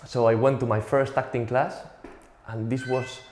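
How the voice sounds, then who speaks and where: A man's voice: medium pitch, level tone, normal speed, darkish tone, echoey room, slight background noise. A young man from Spain with a Spanish accent, telling a profane, self-mocking stand-up comedy routine.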